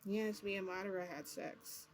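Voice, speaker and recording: Woman vlogger, rambling casual storytelling, lots of fillers, animated and confiding. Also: mid-range voice, normal speed, a little hiss or hum. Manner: rambling, chatty, many fillers.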